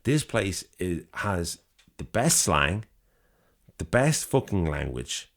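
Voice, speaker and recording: A young man with a Dublin accent talks in a low, deep register. His delivery is animated and full of swings in pitch. He argues in a casual podcast debate, cursing and piling up phrase after phrase for emphasis. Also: slow pace. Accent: Dublin Irish. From Dublin, Ireland. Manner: emphatic, sweary, piles up repeated phrases. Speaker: podcast co-host. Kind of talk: casual debate over drinks.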